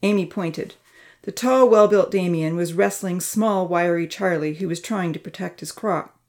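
A woman narrates a children's storybook with a somewhat low voice. She reads in an expressive storytelling manner, raising her pitch for the characters' dialogue. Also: moderate pace.

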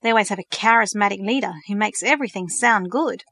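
A woman's voice: medium pitch, fast talker, a bit bright, dry recording. Brief: teen boy, teasing, hesitant when serious, voiced by a woman narrator, dry close read. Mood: nervous. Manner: hesitant, stammering. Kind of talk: storybook reading.

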